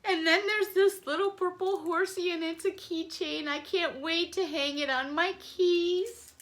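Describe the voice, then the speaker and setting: A woman vlogger chatting to camera as she opens fan mail, warm-hearted, apologetic and close to tears, with little laughs. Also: very high-pitched, fairly even intonation, measured pace. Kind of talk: casual chat to camera.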